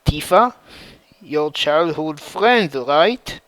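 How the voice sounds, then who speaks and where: A man's voice: fairly high pitch, lively intonation, extremely slow, fairly bright tone, dry recording, full character voice. A man reading the part of a remorseful young woman spy in a fan story.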